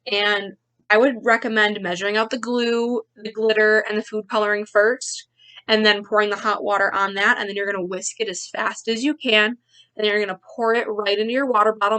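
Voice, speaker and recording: A young woman teacher reading a picture book aloud to children, expressive and playful with the sound words, then chatting to the kids about activities. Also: medium pitch.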